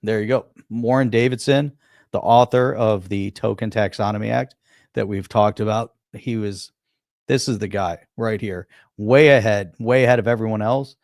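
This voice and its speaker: A man's voice: fairly low pitch, normal speed, darkish tone, no room sound, clean studio sound. A middle-aged man co-hosting a casual livestream chat, chiming in with short supportive remarks. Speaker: co-host of a crypto livestream.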